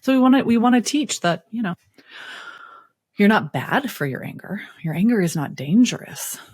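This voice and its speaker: Expressive storytelling woman therapist, dry sound. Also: mid-range voice, moderate pace, no room sound. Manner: expressive, storytelling with playful asides. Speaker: therapist guest. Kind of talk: interview conversation.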